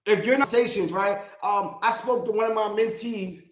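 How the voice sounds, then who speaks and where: A man's voice: high voice, brisk. Blunt, emphatic man in an echoey room. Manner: blunt, emphatic, repeats points. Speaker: real estate investor and mentor. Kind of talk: livestream talk.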